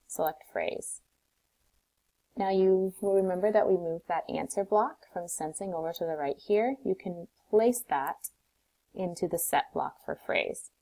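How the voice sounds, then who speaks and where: A woman teacher calmly walking through a coding tutorial step by step, recorded on a desktop mic. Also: fairly low pitch, vocal fry, slightly rough, low-quality recording. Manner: calm, step-by-step instructions.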